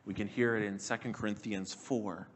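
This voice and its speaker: A man preaching a sermon in a measured, earnest way, slowing and dropping his voice to stress key words. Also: lowish voice, fairly even intonation, a little hiss or hum.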